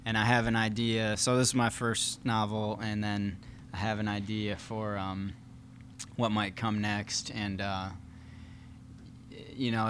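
Brief: male author, halting answers, even reading voice, faint background noise. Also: on the low side. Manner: hesitant when talking, steady when reading. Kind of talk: live author talk and reading.

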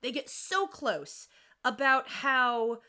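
A woman's voice: high voice, takes it slowly. A woman co-hosting a casual chat podcast, recapping a TV episode with sarcastic asides. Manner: animated, sarcastic recapping with quoted dialogue. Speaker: podcast co-host recapping a show.

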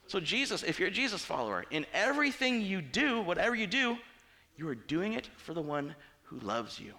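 A middle-aged male pastor giving a conversational sermon, animated and acting out the people in his stories. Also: high voice, a little fast.

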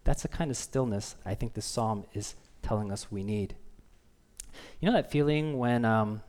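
A man preaching a sermon as pastor, talking conversationally with the congregation and asking them questions, and reading scripture slowly with emphasis. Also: lowish voice, darkish tone. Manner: conversational, asks the listeners questions.

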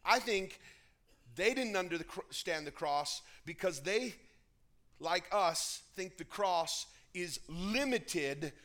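Preaching man with a fairly high voice. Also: lively intonation, takes it slowly. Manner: reads scripture dramatically, voicing the crowd's shouts loudly; preaching with emphatic rises in pitch and volume. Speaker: pastor. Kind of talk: sermon with scripture reading.

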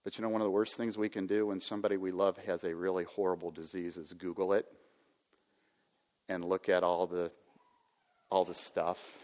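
An older man in his sixties delivers a sermon with a low, steady voice. He speaks earnestly and now and then acts out a self-important inner voice. The sound carries a long reverb from a church hall. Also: normal speed, pauses often. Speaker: pastor.

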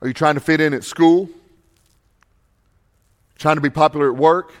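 High-voiced impassioned male preacher. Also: fairly even intonation, moderate pace. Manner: impassioned preaching, swings from loud emphatic to hushed. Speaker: pastor. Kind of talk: sermon.

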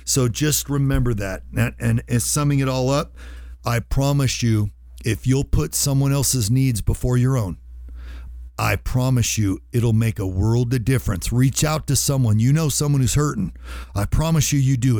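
A man's voice: medium pitch, a little mellow, dry recording, studio quality. A man hosting a radio show, talking to listeners in an earnest, emphatic way and repeating his points for stress. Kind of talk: heartfelt motivational radio talk.

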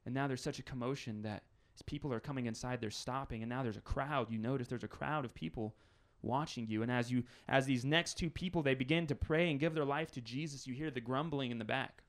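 A man's voice: mid-range voice, brisk, hardly any pauses. A man preaching a conversational sermon as pastor, building scenarios with rising intensity.

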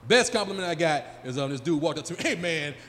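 A man's voice: fairly high pitch, animated, racing, a bit bright. Profane stand-up comic in his forties. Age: 40s. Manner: loose, profane, riffing with the crowd. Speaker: stand-up comedian. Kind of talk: stand-up comedy set. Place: live comedy venue. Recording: live room reverb, faint crowd noise.

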